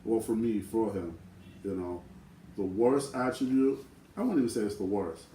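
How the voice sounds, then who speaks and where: A man in casual chat, talking reflectively and pausing to search for words. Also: on the low side, lively intonation, dark tone, roomy sound, recorded from a distance, a little hiss or hum, low-quality recording. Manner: reflective, searching for words with many "you know"s. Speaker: vlogger twin.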